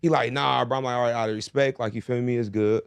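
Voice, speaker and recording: A man, a rapper, telling a story in casual podcast chat, animated, with constant "you feel me" asides. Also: mid-range voice, fast, creaky, clean tone, dry recording. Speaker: rapper guest.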